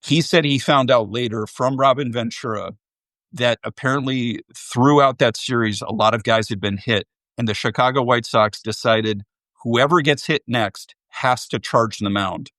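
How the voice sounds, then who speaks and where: A man's voice: medium pitch, moderate pace, a bit bright, dry recording. A middle-aged man, a former baseball executive, chatting candidly as an interview guest with anecdotes and self-deprecating humor. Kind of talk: casual interview chat.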